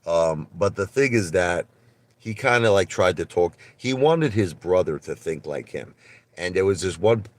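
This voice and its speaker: A man chatting casually on a live stream, rambling and animated as he tells stories. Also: low-pitched, a little slow. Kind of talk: rambling casual livestream chat.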